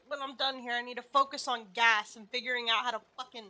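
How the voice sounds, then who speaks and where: Woman streamer, casual game commentary, slightly high and very bright, mutters to herself, swears often. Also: steady tone, fast talker.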